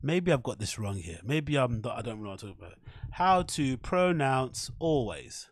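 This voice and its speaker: A man rambles through his podcast, swearing freely and laughing at his own mock threats. His voice sits at an ordinary pitch. The sound is close and dry. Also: big pitch swings, normal speed, dry recording. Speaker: podcast host. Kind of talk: casual rambling commentary.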